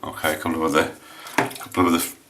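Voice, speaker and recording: An English man with a low voice chatting casually while he shaves on camera, rambling and hesitant with lots of restarts. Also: little pitch movement, very fast, background noise. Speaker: shaving vlogger.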